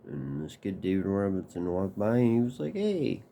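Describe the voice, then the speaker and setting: Guy telling a story, deep gravelly voice, kinda slow, noisy hiss behind. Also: expressive, warm tone. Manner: casual, swearing, acts out quotes. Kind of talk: personal storytelling.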